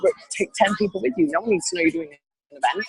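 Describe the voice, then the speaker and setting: A woman's voice: medium pitch, wildly swooping pitch, racing, vocal fry, husky, rough recording. A woman leading an online team training call, upbeat and encouraging, rambling with fillers. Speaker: team leader.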